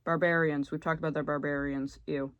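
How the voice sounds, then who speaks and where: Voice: mid-range voice, flat delivery, brisk, a bit bright, clear, resonant tone, no echo. A young adult YouTuber giving blunt, sarcastic, casual comedic commentary and swearing freely. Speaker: YouTuber ranking game characters.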